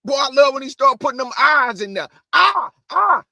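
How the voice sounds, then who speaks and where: A man with a very high, bright, forceful voice preaches, swinging from solemn scripture reading to loud, slangy exhortation. The close mic sounds dry and direct, with no room around him. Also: fast, no room sound. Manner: animated, shouting bursts, slangy asides. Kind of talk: energetic street-style Bible preaching.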